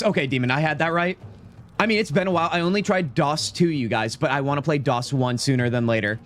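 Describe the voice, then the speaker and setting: A man with an American accent hosting a casual gaming livestream, animated and chatty with his viewers, a bit out of breath. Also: sits high. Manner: animated, talks fast and chatty to viewers, says "dude" often. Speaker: livestream host. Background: faint game and tavern music.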